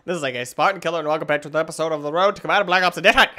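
A young man hosting gameplay commentary, swinging between loud outbursts and low muttering while he plays. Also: very fast. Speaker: gaming channel host.

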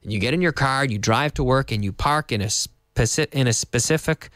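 A man's voice: mid-range voice, no echo, clean studio sound. A man teaching to Spanish speakers, explaining patiently and repeating words. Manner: lively, explains slowly with repetition and Spanish glosses. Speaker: English teacher. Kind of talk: casual online English lesson for Spanish speakers. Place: in Madrid.

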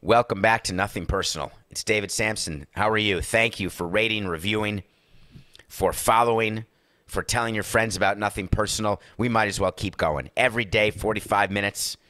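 A man's voice: fairly low pitch, fairly even intonation, moderate pace, sharp tone, no room sound, studio quality. A man hosting a sports business podcast, giving emphatic, sarcastic commentary and mocking quoted asides. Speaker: podcast host.

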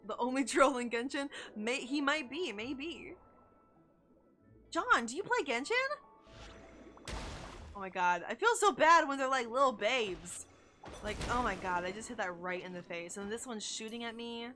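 A woman's voice: a little high, lively intonation, moderate pace, long pauses, pushed and bright, soft background music. A young woman chatting casually and gushing while she streams a video game, with lots of likes and oh my gods. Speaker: gaming streamer. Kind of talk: casual live-stream chat while playing.

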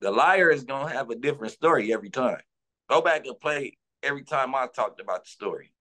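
A man from Los Angeles, speaking as a guest in an interview. He talks heatedly and insistently in a profane street slang, with a voice of ordinary, middle pitch. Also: animated, fairly quick, bright, forceful tone.

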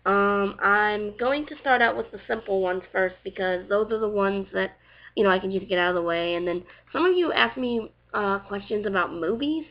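Answering questions from her viewers, a vlogger, a young woman with a slight Southern US accent, chats and meanders, her speech packed with fillers such as "like" and "you know." Her mid-range voice moves at a moderate pace, and the recording's high frequencies are cut off.

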